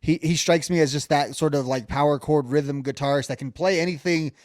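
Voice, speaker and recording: A man's voice: fairly high pitch, steady tone, brisk, a little mellow, dry recording, studio quality. A man co-hosting a casual music podcast, talking loosely with many restarts and fillers. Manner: rambling, many restarts and fillers, hums melodies. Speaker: podcast co-host.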